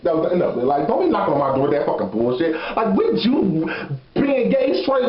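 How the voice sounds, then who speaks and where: A young man telling a story in a casual vlog, sassy and animated, laughing often. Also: high-pitched, fairly quick, reverberant, highs cut off, background noise. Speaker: vlogger.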